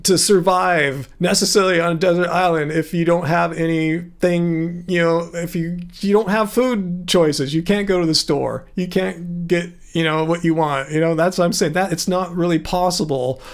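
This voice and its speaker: A man with a high voice and a gravelly rasp hosts a casual live stream. He rambles and gets indignant as he answers chat, and his voice is starting to go. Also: steady tone, normal speed, few pauses.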